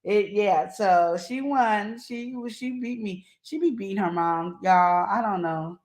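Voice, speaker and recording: A middle-aged woman co-hosting a live advice show in a relaxed, casual way. She tells stories with animated, drawn-out emphasis. Her voice carries a roomy echo, and its pitch sits in the middle range.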